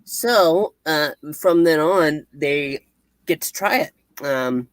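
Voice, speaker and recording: A man co-hosting a casual show, chiming in with short interjections and quick asides about a TV episode. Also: a little high, no room sound. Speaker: co-host. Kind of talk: casual chat recapping a TV episode.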